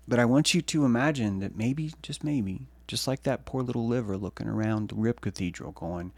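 A man's voice: lowish voice, moderate pace, gravelly, darkish tone, breathy edge, no echo. A male podcast host giving a rambling, profane solo monologue.

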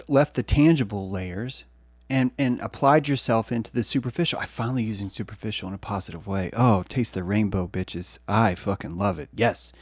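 A man's voice: mid-range voice, a little mellow, slightly rough, no echo. A male podcast host giving a rambling, profane solo monologue.

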